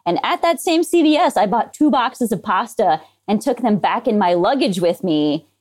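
A woman's voice: mid-range voice, lively intonation, moderate pace, a little mellow. Chatty woman guest on a podcast. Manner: upbeat, laughing easily, chatty. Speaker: veterinary anesthesia technician guest. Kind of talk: casual podcast interview.

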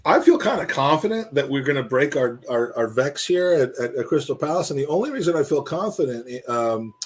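A man, co-hosting a podcast in casual football chat, rambling and repeating words as he gets animated. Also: on the high side, brisk, husky. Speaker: podcast co-host.

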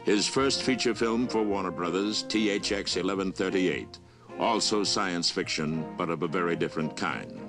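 Male narrator, low and gravelly, formal archival delivery over music. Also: expressive, moderate pace. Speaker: documentary narrator. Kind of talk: scripted narration.

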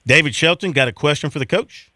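Bright-voiced sports radio host. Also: male voice, a little high, fast, dry recording, studio quality.

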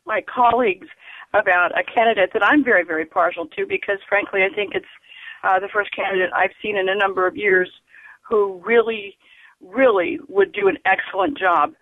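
A woman calling in to a radio show, speaking earnestly and emphatically, with many fillers and pauses. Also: mid-range voice, dry recording. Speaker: caller. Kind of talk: call-in radio comment. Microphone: telephone. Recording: tinny phone line.

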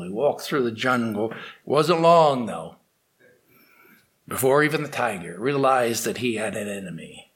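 A man giving a morning spiritual talk, telling a fable in a slow, halting way with restarts. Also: medium pitch, a bit bright. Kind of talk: sermon with storytelling.

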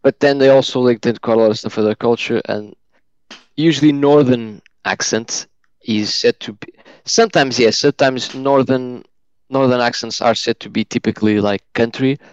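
A man's voice: medium pitch, fairly even intonation, moderate pace, clean tone, no echo. A man from Portugal, chatting casually and hesitantly, with many restarts. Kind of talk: casual chat. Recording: dull lo-fi sound.

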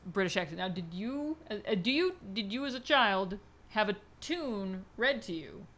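A woman co-hosting a casual book chat, animated and quick to laugh. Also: medium pitch. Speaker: podcast co-host.

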